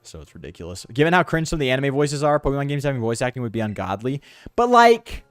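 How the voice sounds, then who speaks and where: A man's voice: medium pitch, very animated, fast talker, clear, resonant tone, dry recording, faint music behind. A man streaming a game, joking and self-mocking in slangy, casual commentary. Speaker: gaming streamer.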